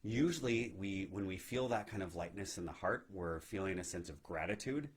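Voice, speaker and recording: Low, husky-voiced man teaching meditation. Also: moderate pace. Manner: gentle, reflective, frequent "right?" check-ins. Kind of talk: spiritual teaching talk. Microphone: live video stream.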